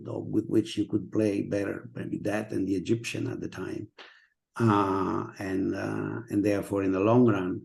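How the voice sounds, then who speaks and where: Gravelly-voiced man hosting an interview. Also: medium pitch, warm tone. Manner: halting, many fillers and restarts. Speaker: interviewer and channel host. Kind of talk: casual video interview.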